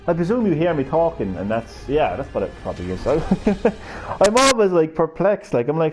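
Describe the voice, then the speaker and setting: A man's voice: on the high side, big pitch swings, moderate pace, soft background music. A man live-streaming a fighting game, chatting casually, rambling and swearing freely as he plays. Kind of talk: casual gameplay commentary.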